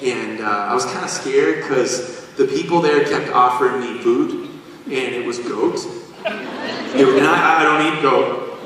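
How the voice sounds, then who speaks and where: A singer on stage telling the audience a personal story, animated and self-deprecating. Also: male voice, mid-range voice, unhurried, crowd noise. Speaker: singer addressing a concert audience. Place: large concert venue. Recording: echoey live hall, taken from far off.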